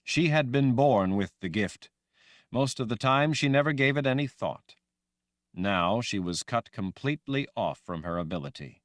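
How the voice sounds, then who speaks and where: A man reading a fantasy audiobook aloud in a dramatic, expressive way. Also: mid-range voice, moderate pace, no echo, clean studio sound. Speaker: audiobook narrator. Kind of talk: scripted fantasy audiobook narration.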